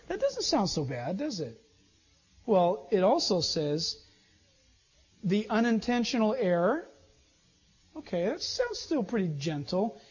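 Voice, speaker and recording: A man preaching a sermon as pastor, animated, swinging between loud urging and low asides. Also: unhurried, muffled recording.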